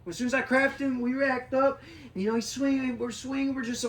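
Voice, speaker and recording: A woman guest on a podcast telling a story in a brash, profane way, getting loud when she acts out the scene. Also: sits high, level tone, fairly quick, distant mic. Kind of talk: casual storytelling. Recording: roomy, off-mic with faint ambience.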